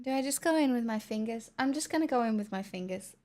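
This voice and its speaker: A woman's voice: on the high side, lively intonation, fast talker, darkish tone. A woman with an Australian accent hosting a live stream, chatting casually and narrating aloud as she tastes food. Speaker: livestream host.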